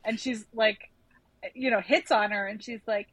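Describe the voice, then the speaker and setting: A woman's voice: on the high side, steady tone, moderate pace, fairly bright tone, husky, dry recording, poor audio. Sardonic woman, dry close sound. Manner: sardonic, laughing asides. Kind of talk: casual chat about a TV episode.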